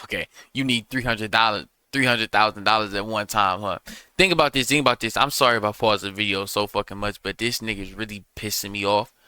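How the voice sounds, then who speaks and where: A man's voice: fairly low pitch, fairly even intonation, fairly quick, hardly any pauses, bright, forceful tone, smooth, no echo, clean studio sound. A man hosting a reaction video, commenting bluntly and profanely with exasperation.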